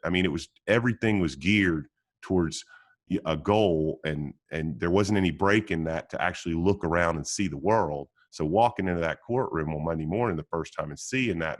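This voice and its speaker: A man's voice: sits low, a little fast. An older man, an attorney co-hosting a podcast, telling rambling stories bluntly and laughing often in casual conversation.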